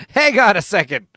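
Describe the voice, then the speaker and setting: Crude, rambling man with a lively voice. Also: high voice, dry recording, clean studio sound. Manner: crude, rambling, joking storyteller. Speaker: livestream host. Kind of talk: casual livestream chat.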